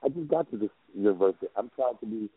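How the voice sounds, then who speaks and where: Fast, husky and animated, a guest vocal coach calls into a radio show and tells a long story with no room sound behind him. He stresses things hard, circles back to repeat himself and shifts sharply in pitch.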